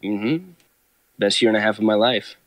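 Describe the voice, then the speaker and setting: A man with a fairly low voice banters and rambles through jokey stories on a live stream. He records into a desktop mic at home, and the sound is dry and close. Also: moderate pace, no echo. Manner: rambling, joking storyteller. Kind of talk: casual banter.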